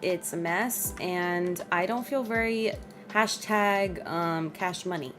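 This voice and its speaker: A woman's voice: on the low side, slow, fairly bright tone, soft background music. A woman streaming a game from home in casual chat, laughing often and talking to her dog and her viewers.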